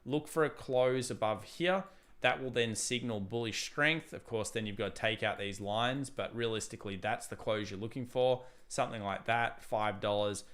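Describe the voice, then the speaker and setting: A man's voice: on the low side, normal speed. A young man hosting a live stream, chatting casually about trading charts and reading out viewer messages. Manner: chatty, animated, reads viewer super chats aloud. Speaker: livestream trading host.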